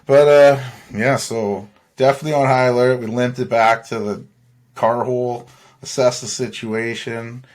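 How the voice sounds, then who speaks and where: A man's voice: mid-range voice, fairly even intonation, moderate pace, darkish tone. Rambling young man telling a story. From Saskatchewan, Canada. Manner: rambling, laughs often, swears freely. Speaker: podcast host. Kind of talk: casual storytelling.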